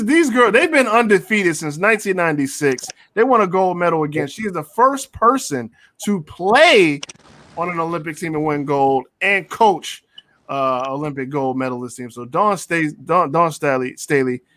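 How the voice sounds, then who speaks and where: A man hosting a casual sports talk show, animated and joking, repeating phrases for emphasis. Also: a little high, moderate pace.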